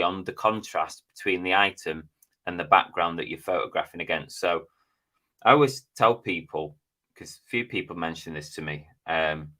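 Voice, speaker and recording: A middle-aged man hosts a casual live stream, chatting as he reads out viewers' names and comments. His voice sits low, with a bright, forceful tone.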